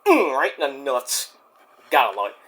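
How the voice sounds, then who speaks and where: Animated man rambling through a wrestling recap. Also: mid-range voice. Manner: rambling, crude jokes, quick impressions. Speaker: wrestling show reviewer. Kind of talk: casual vlog recap.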